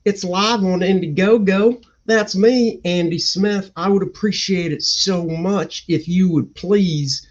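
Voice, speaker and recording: A man's voice: high-pitched, slow, few pauses, highs cut off. A man hosting a casual live stream, chatting and reading out viewer comments as they come in. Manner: chatty, greets and reads viewer comments aloud.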